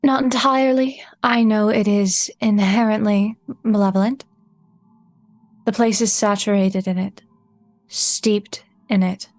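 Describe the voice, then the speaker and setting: A woman playing in a tabletop game who speaks calmly and in a measured way. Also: mid-range voice, no room sound. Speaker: player.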